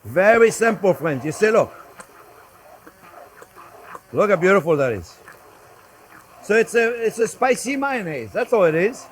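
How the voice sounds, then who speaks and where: A man's voice: high voice, big pitch swings, measured pace, pauses often, a little hiss or hum. An older man with a French accent hosting a casual cooking demonstration, chatty and joking with viewers he calls friends. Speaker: cooking show host. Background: sizzling pan in a kitchen.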